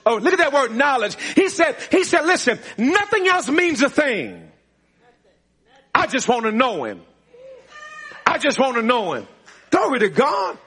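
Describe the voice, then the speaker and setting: A very high, slightly bright male voice belongs to a pastor delivering a sermon in a church sanctuary. He calls out to the congregation in call-and-response fashion and laughs frequently.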